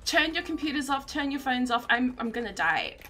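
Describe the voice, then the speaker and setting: A young woman, streaming herself playing a game and reacting in a panicky, excitable way. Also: sits high, fairly quick, slight background noise. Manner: excitable, panicky, often shrieking and laughing. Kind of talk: live gameplay commentary.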